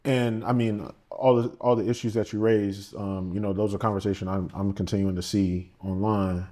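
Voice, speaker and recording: A man's voice: fairly low pitch, level tone, normal speed, mellow. A man interviewing a guest, asking questions in a hesitant, hedging way with many fillers.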